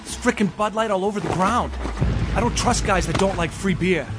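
A rowdy young party guy from a beer commercial, as an actor plays him, calling out with excitement. His voice is fairly high, and clear music plays behind him. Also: brisk, close to an everyday voice. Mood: excited.

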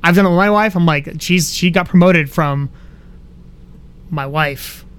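A man's voice: fairly high pitch, fairly bright tone, smooth. A married man co-hosting a podcast, trading wry, laughing commentary. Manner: wry, quick, laughs often. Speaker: podcast co-host. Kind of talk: casual recap chat.

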